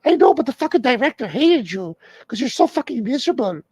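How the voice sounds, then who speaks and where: A shrill, whiny wife scolding her sulky star husband. She nags in a lively, swooping voice, loud and dry with no room sound. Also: fast, husky, no echo, full character voice, rough recording. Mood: nagging, scolding. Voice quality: shrill high falsetto. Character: nagging, exasperated wife of a grumpy movie star. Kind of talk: comedic impression in a rant.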